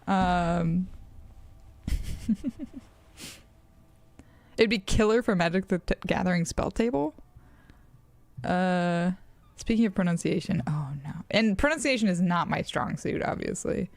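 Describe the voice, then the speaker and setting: Brief: rambly American woman streaming a game, slightly gravelly voice, dry close sound. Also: fairly low pitch, a little slow, long pauses, no room sound. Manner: rambling, giggly, lots of fillers. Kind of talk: casual live-stream chat while gaming.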